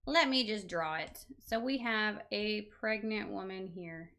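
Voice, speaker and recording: A woman's voice: mid-range voice, unhurried, fairly bright tone. A woman teaching an online language lesson, explaining patiently and checking in with "right?" as she goes.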